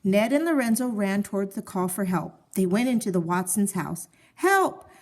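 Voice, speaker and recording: Woman, storyteller, children's book read-aloud, calm even narration, mid pitch. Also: moderate pace.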